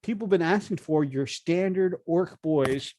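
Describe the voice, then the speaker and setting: A man's voice: a little high, unhurried, mellow, no echo. A man co-hosting a casual tabletop hobby livestream, chatting and laughing often. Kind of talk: casual chat.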